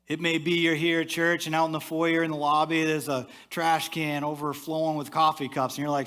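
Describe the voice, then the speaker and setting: A male pastor preaching a sermon in church, talking to the congregation in a conversational way and dropping to a soft, low voice for asides. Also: little pitch movement, brisk, hardly any pauses, clean tone.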